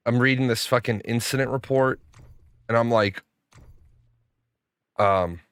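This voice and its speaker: A man's voice: mid-range voice, a little slow, long pauses, fairly bright tone, dry recording, studio quality. Profane, stammering man chatting on stream. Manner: profane, storytelling with frequent stammers and restarts. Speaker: gaming streamer. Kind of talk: casual stream chat.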